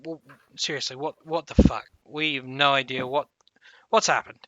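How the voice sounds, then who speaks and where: A man doing a gruff Cockney half-orc. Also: mid-range voice, steady tone, moderate pace, fairly bright tone, no room sound, muffled recording, close to an everyday voice. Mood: urgent. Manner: blunt, brusque, swears freely. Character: gruff old male half-orc right-hand man.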